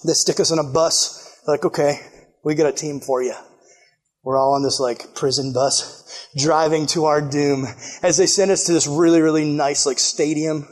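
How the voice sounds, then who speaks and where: A young man preaching a casual storytelling sermon to a youth group, animated and jokey, laughing at himself as he tells a story. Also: a little high, normal speed. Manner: animated, jokey, self-deprecating with frequent laughs. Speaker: youth pastor. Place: church youth service.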